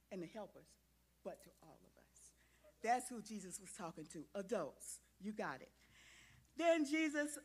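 A woman giving a children's sermon in a church, coaxing and interactive as she asks the kids questions and gets them to join in. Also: on the high side. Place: church sanctuary.

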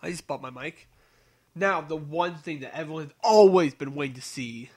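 A man giving excitable, playful gameplay commentary, yelling and teasing as he plays. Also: fairly high pitch, moderate pace, background noise. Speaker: let's play commentator.

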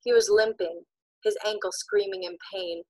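A woman giving an expressive audiobook narration, moving between loud tension and hushed suspense. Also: mid-range voice, normal speed, no room sound, poor audio.

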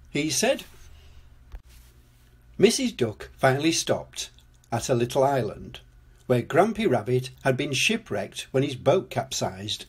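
Older guy reading a kids story, slow and breathy, lively tone. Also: medium pitch. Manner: gentle, unhurried narration. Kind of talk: storybook read-aloud.

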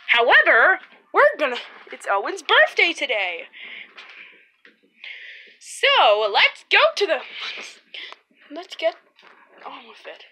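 Playful woman performer, puppet-show teacher, slow-paced, bright tone. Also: very high voice. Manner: excitable, exclaiming, playing a preschool teacher.

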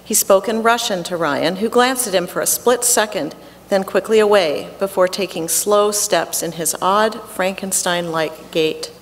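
A middle-aged woman reading her own personal story aloud on a theatre stage in a measured, earnest way. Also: mid-range voice. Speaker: reader of a personal essay. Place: theatre stage before an audience. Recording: theatre hall reverb with faint noise.

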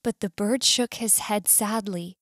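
A woman with an American accent reading a story aloud in slow, clear scripted narration for language learners. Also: medium pitch, a bit bright, no echo, clean studio sound. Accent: US English.

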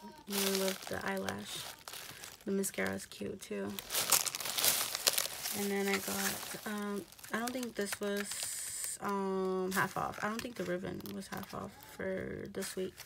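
A woman's voice: mid-range voice, little pitch movement, a little slow, gravelly. A woman vlogger losing her voice, casually showing craft items and prices with many fillers, a child singing behind her. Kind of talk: casual haul show-and-tell. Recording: loud background noise. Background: child singing in the background.

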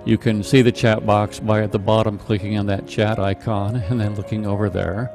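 A middle-aged man teaching a live online meditation class, calmly explaining a chant with patient, halting restarts. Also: lowish voice, music in the background. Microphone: video call microphone.

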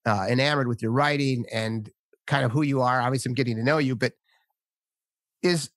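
A man's voice: medium pitch, fairly even intonation, a little fast, a bit bright, no room sound, studio quality. A man hosting a podcast in casual chat, telling stories with animation and laughing often. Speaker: podcast host.

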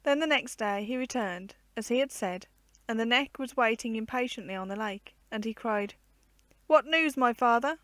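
A woman narrating an old fairy tale aloud in a measured, clear storybook reading. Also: fairly high pitch, dry recording.

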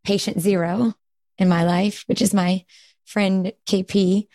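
A woman co-hosting a podcast in casual chat, her voice hoarse, raspy and squeaky from a cold, chatty and quick to laugh. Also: level tone, dark tone, no room sound. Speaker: podcast co-host.

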